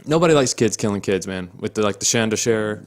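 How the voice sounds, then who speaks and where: A man with a low voice co-hosts a casual podcast. He is laid-back and laughs easily. He often makes jokes at his own expense. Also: animated, fast talker. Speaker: podcast co-host.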